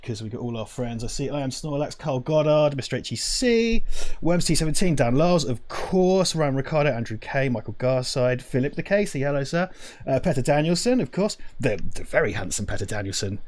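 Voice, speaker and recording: A man's voice: medium pitch, big pitch swings, a little fast, a little mellow. A man co-hosting a film watch-party stream, talking in a rambling, self-interrupting, laughing way. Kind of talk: casual chat. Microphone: lavalier.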